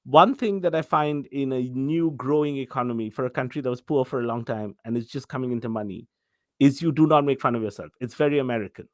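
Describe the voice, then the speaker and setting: A man from India, a comedian guest telling stories in a giggly, animated way over a video call. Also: medium pitch, fast, no echo, studio quality. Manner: chatty storyteller, giggling, animated. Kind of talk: casual chat.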